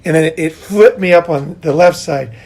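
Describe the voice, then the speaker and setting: A middle-aged man with a somewhat high speaking voice, telling stories in casual conversation. He is animated, laughs often and drops the odd curse word. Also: moderate pace, vocal fry. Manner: animated, laughing storyteller who swears casually. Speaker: podcast host.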